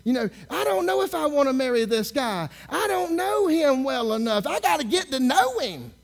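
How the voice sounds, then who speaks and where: A man's voice: very high voice, big pitch swings, moderate pace, gravelly, pitched above the performer's own voice, full character voice. A male preacher quoting a hesitant young woman who is unsure about marriage, in a slightly raised voice. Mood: doubtful.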